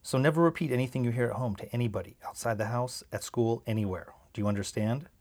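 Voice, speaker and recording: A man's voice: medium pitch, fast, darkish tone, close to an everyday voice. A man reading the part of a worried, anxious mother who pleads and repeats herself. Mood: insistent. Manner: pleading, insistent repetition. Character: worried anxious mother, middle-aged woman.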